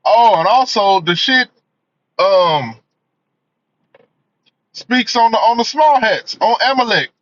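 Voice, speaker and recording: A man's voice: sits high, lively intonation, slow, pauses often, fairly bright tone, no room sound. A man giving a profane, emphatic rant as a movie reviewer, filling his talk with "man" and "you know.". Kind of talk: ranting commentary. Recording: dull lo-fi audio.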